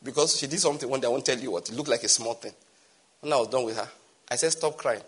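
A middle-aged man preaching a sermon as pastor, animated, swinging from loud exclamations to soft asides. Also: medium pitch, rapid-fire, slightly rough.

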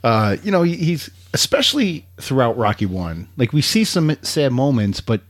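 A man's voice: medium pitch, very animated, normal speed. A man co-hosting a podcast, chatting casually and rambling with frequent restarts. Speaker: podcast co-host. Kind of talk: casual chat.

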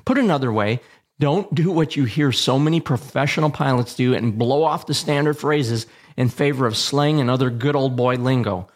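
A man hosting an instructional show on aviation radio communication, reading a measured, plain script with a dry touch of humor. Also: medium pitch. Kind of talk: scripted educational narration.

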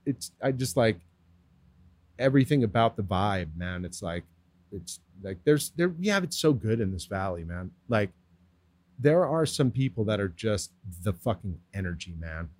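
A man's voice: fairly low pitch, big pitch swings, moderate pace, darkish tone, no room sound. A man as a podcast guest, telling stories in casual, slang-heavy chat with lots of swearing. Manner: laid-back slangy storyteller, heavy swearing.

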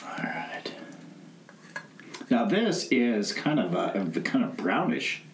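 A wry, easygoing man chatting as a podcast co-host, his pitch moving expressively. The recording is roomy, with a clear hiss underneath. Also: very animated, slow pace. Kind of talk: casual chat.

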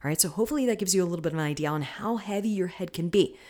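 Woman podcast host, low voice, chatty coaching tone, solo talk. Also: very fast, darkish tone. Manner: chatty, coaching, often checks in with listeners.

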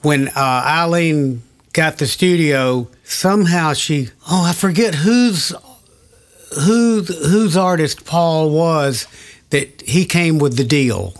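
A man's voice: fairly high pitch, slow. An older man recalling past recording sessions in an oral history interview, rambling and searching for names.

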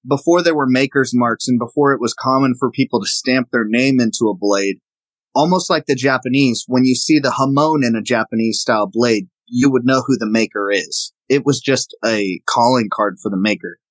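A knife maker from the American South appears as a guest in a casual interview, explaining his work and showing the objects as he talks. His voice is mid-range, the recording is low quality, and there's no room sound.

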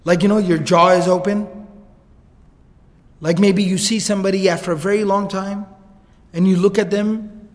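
A male lecturer telling a religious history story in an animated way, mixing in Arabic quotes. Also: high voice, moderate pace, long pauses, in a large hall.

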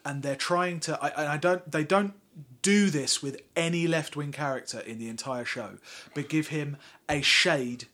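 A man co-hosting a podcast in casual chat, animated and sardonic, talking in long run-on sentences. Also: fairly high pitch, normal speed. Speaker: podcast co-host.

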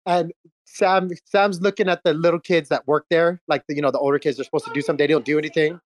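Talking fast in a slightly high voice with fairly even intonation and no room sound, this host is a man in his thirties fighting a cold. On a live audio space he rambles casually through a story, restarting and laughing along the way.

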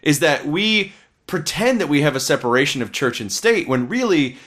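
A man's voice: a little high, lively intonation, moderate pace, a bit bright. A man co-hosting a casual podcast, rambling and opinionated as he reviews films, swearing freely. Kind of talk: casual chat.

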